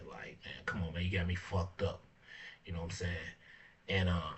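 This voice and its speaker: Deep-voiced laid-back man. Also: far from the mic. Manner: laid-back, fillers like "you know what I'm saying", swearing. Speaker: podcast host. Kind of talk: casual monologue.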